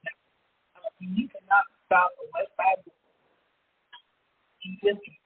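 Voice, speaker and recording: A woman hosting a self-help seminar, talking candidly and casually about her own life, laughing often and jumping up into a high pitch. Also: big pitch swings, takes it slowly, slightly rough. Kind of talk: casual personal monologue. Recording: tinny phone-like audio with faint hiss.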